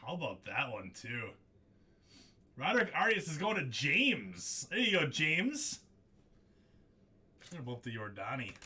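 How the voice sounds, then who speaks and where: Excitable man hosting a live card break. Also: mid-range voice, unhurried, long pauses, husky. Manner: excitable, jokey, laughs often. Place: studio.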